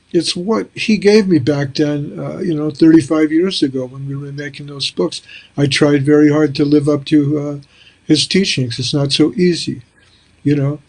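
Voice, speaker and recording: An older man speaking as an interview guest, chatty and animated, acting out the voices of people he quotes, talking over a video call from a small room lined with books. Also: fairly high pitch.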